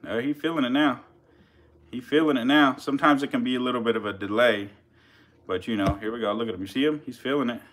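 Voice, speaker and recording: A man giving casual live-stream commentary as a reptile keeper, chatty with viewers, swearing and getting excited. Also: mid-range voice, fast, a little hiss or hum.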